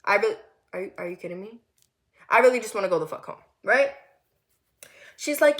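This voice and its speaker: A young woman telling a personal story in a vlog, animated and repetitive, with lots of swearing. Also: medium pitch, fairly quick, pauses often. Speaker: vlogger.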